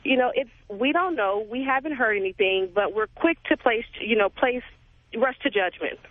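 Casual woman caller on muffled line. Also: a little high. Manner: quick, casual, uses "like" and "you know". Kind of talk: call-in radio talk.

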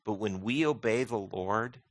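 A man preaching a sermon as pastor, animated and humorous, acting out quoted voices. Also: on the low side, a little slow, no room sound.

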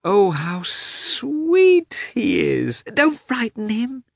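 A man voicing an excitable young Russian noblewoman who gushes eagerly in a storybook reading. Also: mid-range voice, measured pace, no echo, clean studio sound, pitched above the performer's own voice, full character voice. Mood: excited. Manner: breathless, gushing, eager.

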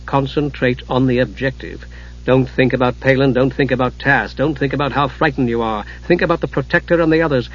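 Man voicing a young woman, quiet, steeling herself, husky lo-fi audiobook sound. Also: mid-range voice, fairly even intonation, brisk, lightly acted. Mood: quiet resolve. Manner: quiet, self-urging inner voice.

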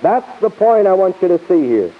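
A man's voice: high voice, very animated, normal speed. A man teaching verse by verse from the Bible in a sermon, emphatic and repetitive, with chuckling asides, on a tinny lo-fi tape.

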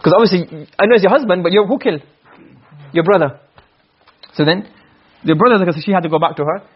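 A man teaching Arabic grammar to a class, asking questions and answering them himself, and reciting verses slowly. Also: high-pitched, slightly rough, dull audio. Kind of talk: classroom lecture.

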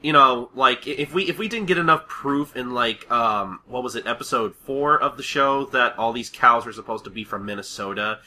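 A man co-hosts a casual podcast, talking through a cartoon episode in a loose, rambling way. His voice is very bright and sharp, and he swears freely and laughs often. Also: medium pitch, moderate pace, hardly any pauses. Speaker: podcast co-host.

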